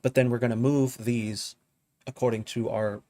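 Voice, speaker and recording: A man's voice: mid-range voice, level tone, normal speed, dark tone, slight background noise. A man casually teaching drum programming in his home studio, thinking aloud and often checking in with "you know what I mean?". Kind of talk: casual live tutorial.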